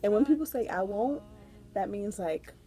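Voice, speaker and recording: Mellow-voiced young woman telling a story. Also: mid-range voice, lively intonation, moderate pace. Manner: rambling, chatty, fillers, giggles often. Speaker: vlogger. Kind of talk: casual storytime chat.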